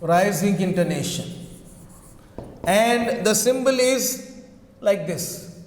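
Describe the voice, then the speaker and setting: Slow, repetitive teacher in an echoey room. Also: male voice, sits high, expressive, darkish tone, slight background noise. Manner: slow, repetitive dictation, repeating key terms; checks on students with frequent "okay" and "right". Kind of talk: classroom lecture. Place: classroom.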